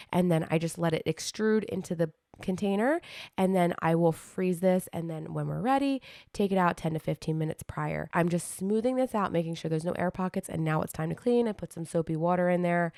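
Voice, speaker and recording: A woman's voice: on the low side, warm tone, no room sound, studio quality. A woman in her thirties hosting a casual cooking tutorial, chatty and enthusiastic, often saying "like". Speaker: cooking channel host.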